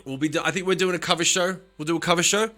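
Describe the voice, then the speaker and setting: Bright-voiced, profane male streamer. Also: a little high, fairly even intonation, very fast. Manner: profane, teasing, bursts of laughter. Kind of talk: casual live-stream chat.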